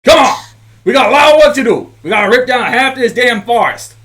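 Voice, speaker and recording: A man's voice: extremely high pitch, expressive, a little fast, fairly bright tone, voice pushed up. A man voicing a brutish male cowboy lumberjack foreman with a Southern accent, bellowing insults and orders at his workers. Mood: bossy, yelling.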